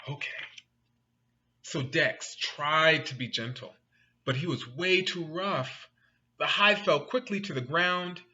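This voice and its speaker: A man reading a picture book aloud to children, animated and asking the listeners questions. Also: fairly high pitch, takes it slowly, lo-fi sound. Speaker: storyteller.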